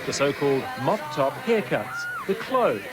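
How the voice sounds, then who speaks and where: Lively high-pitched male news narrator. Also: a little slow, heavy background noise. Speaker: narrator, reporter. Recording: loud music bed under voice-over.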